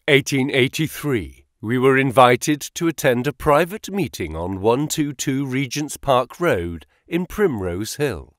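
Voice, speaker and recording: A male narrator tells a period detective story in the first person, his pitch rising and falling in a lively, animated way. His voice sits mid-range and the recording is dry and close, with no room sound. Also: no room sound. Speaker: audiobook narrator.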